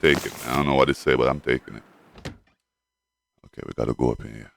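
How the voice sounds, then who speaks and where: A man giving casual let's-play commentary, excitable and profane, trash-talking and calling to his in-game dog. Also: extremely low pitch, fast talker, creaky, slight background noise. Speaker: gamer and streamer.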